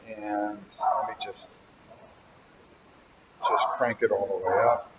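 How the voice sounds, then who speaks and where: Male stream host, lowish voice, subdued and hushed casual chat, muffled computer-mic sound. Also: steady tone, slow pace. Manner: subdued, keeps his voice down. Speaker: channel host. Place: indoors at a hospital. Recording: dull lo-fi stream audio with faint background noise.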